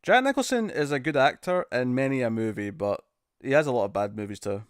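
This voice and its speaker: A British man chatting live with his viewers in a loose, joking way, often breaking into laughter. His voice sits at an ordinary middle pitch. It sounds close and dry, with no room around it. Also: expressive, a little fast, clear, resonant tone, no room sound. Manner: laughing, jokey, attempts bad celebrity impressions. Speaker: streamer host. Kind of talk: casual live-stream chat.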